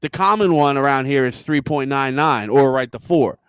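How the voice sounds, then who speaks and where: A man's voice: mid-range voice, normal speed, smooth, no room sound. A man, ranting and swearing as a podcast co-host in casual chat. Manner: profane, heated, animated ranting.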